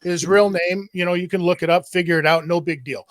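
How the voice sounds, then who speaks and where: A man hosting a podcast, telling a story with emphatic, animated delivery. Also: high voice, brisk, no room sound. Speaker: podcast host. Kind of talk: casual chat.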